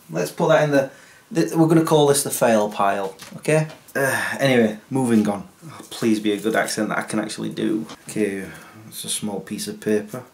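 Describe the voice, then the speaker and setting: A man chatting casually in a comedy vlog, self-deprecating and chatty. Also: medium pitch. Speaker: vlogger.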